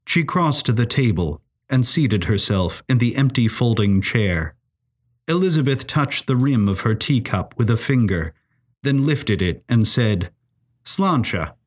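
A man narrating a serialized mystery story in an expressive, measured way. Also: medium pitch. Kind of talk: audio drama story narration.

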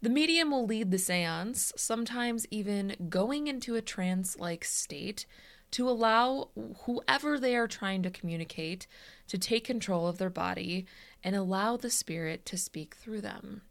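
A young woman co-hosting a casual podcast, explaining a topic from notes in a dry, deadpan way. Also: mid-range voice, unhurried. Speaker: podcast co-host.

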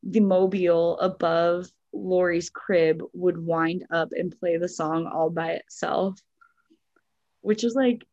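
Giggly woman with a lower voice. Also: fairly even intonation, slow pace, a little mellow, dry recording, lo-fi sound. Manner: giggly, filler-heavy, lots of "like" and "um". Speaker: podcast co-host. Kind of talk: casual chat, reading a listener story.

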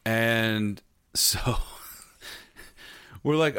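A man's voice: lowish voice, normal speed, fairly bright tone, no echo. Male podcast co-host, teasing and crude, dry close-mic sound, anecdote teller. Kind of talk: casual podcast banter.

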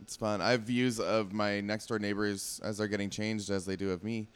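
A man with a smooth, resonant voice talking in a relaxed chat. He is blunt and matter-of-fact, with a dry wit. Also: lowish voice, normal speed. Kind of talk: casual chat.

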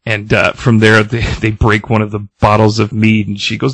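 This podcast co-host speaks on the low side at a normal speed, with no echo. He chats casually about a comic, retelling its story with animation and loosely voicing what the characters say.

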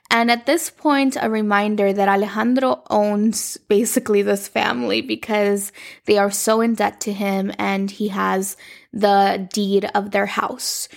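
Woman podcast host chatting thru a show recap, bit of fry, animated, mid pitch. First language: Spanish. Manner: chatty, animated, acts out characters' lines in quotes. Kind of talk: casual recap chat.

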